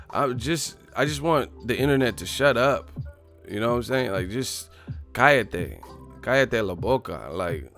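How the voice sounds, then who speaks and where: Brief: boxing vlogger, lowish voice, profane casual rant, faint music behind. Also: male voice, fairly bright tone. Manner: profane, rambling, exasperated. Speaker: boxing channel host. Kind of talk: casual ranting vlog.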